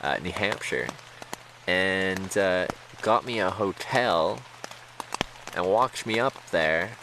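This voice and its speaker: Streamer, male, very low voice, loose rambling storyteller, steady rain in the background. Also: slow pace, background noise. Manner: rambling, laughs often, many fillers. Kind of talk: casual storytelling to stream chat.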